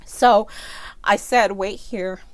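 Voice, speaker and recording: A woman's voice: mid-range voice, fairly even intonation, slow pace, no echo. A woman from California telling a personal story to camera, growing emotional and tearful as she speaks, quoting her own thoughts aloud. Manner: emotional, breaks into tears and apologizes while telling the story. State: tearful, voice breaking. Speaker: nonprofit founder and vlogger.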